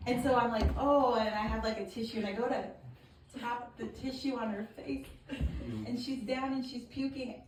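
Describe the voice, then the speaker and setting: A woman's voice: on the high side, lively intonation, moderate pace. Crude woman comic in an echoey club. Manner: crude, swearing, storytelling with laughs. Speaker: stand-up comedian. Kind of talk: stand-up comedy set. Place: comedy club open mic. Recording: echoey room, far mic, noisy.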